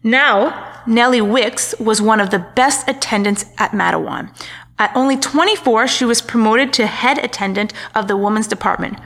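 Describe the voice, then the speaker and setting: Bright-voiced woman telling a crime story. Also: a little high, moderate pace. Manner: chatty, wry asides, stumbles over names. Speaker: podcast co-host. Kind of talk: casual true-crime storytelling.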